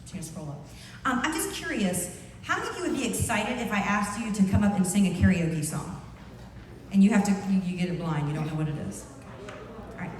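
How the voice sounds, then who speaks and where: A woman's voice: medium pitch, expressive, fairly quick, darkish tone. A woman giving a motivational talk to young people, demonstrating her points and quizzing the audience with questions. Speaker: youth leadership speaker. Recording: echoey hall from far off, faint noise.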